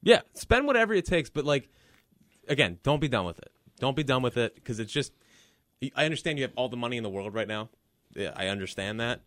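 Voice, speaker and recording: Young dude on a sports podcast, talks quick, bright punchy voice, dry mic. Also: male voice, mid-range voice, sing-song, dry recording. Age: young adult. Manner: fast, emphatic, self-deprecating. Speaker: podcast co-host. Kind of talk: casual sports chat. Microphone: podcast microphone.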